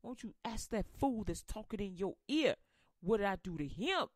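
A woman's voice: medium pitch, lively intonation, moderate pace, dry recording, clean studio sound, voice pushed down, lightly acted. A woman voicing God as a stern but loving father, who scolds in casual slang. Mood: threatening. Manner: firm, scolding, streetwise.

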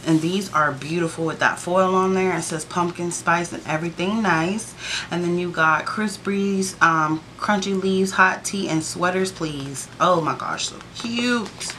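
A woman's voice: lowish voice, unhurried, fairly bright tone, slight background noise. Gushing, sassy woman vlogger. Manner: chatty and gushing, keeps addressing the viewers; sassy playful asides. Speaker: planner sticker vlogger. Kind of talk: casual sticker book flip-through.

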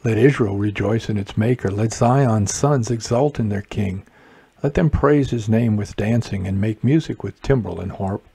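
A man leading morning prayer, reciting psalms and responses in a measured liturgical way. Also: on the low side, vocal fry, dark tone, breathy edge. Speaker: prayer leader.

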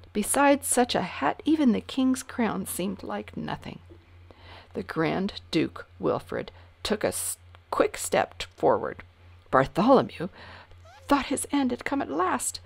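A woman reading a children's storybook aloud in an expressive way, dropping to whispers for suspense. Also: medium pitch, gravelly, breathy edge. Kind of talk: reading a picture book aloud.

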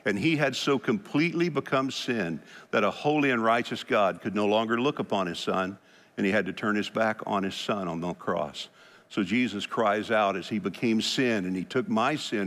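A man preaching an earnest sermon as pastor, with pauses and restarts. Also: on the low side, fairly bright tone, in a large hall.

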